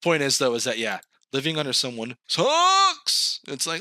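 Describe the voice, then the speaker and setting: With a mid-range voice that swoops wildly in pitch, the man speaks at normal speed in a pushed, bright tone, with no room sound. He is co-hosting a podcast and ranting for laughs, performing quoted voices and laughing as he talks.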